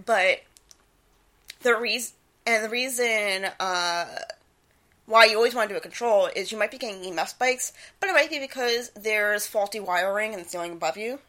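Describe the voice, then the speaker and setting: A young woman co-hosting a casual podcast, giggling often and acting out loud quotes. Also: medium pitch, normal speed. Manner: giggly, animated, breaks into loud quoted yelling. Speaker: podcast co-host.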